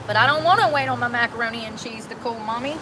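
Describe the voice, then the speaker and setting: A woman's voice: fairly high pitch, fast. A woman vlogger talking to herself as she walks outdoors, chatting in a blunt, slangy way into a handheld phone on a windy street. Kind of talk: casual self-talk vlog. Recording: wind and traffic noise outdoors.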